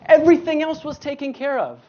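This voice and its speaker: A man's voice: very high voice, brisk, dull audio. A man preaching a sermon as a guest preacher, emphatic, asking rhetorical questions and repeating words for stress.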